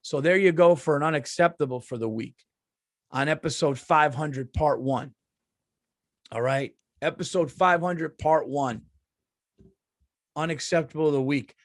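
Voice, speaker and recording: Profane New comedian ranting. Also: male voice, a little high, a little slow, pauses often, no room sound, clean studio sound. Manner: profane, animated, repeats himself. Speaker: comedian podcast host. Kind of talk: casual monologue rant.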